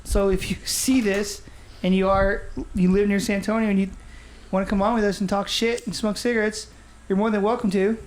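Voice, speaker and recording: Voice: medium pitch, little pitch movement, fairly quick, a little hiss or hum. A podcast host chatting casually, rambling, joking and swearing freely. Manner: rambling, jokey, swears a lot. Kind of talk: casual chat.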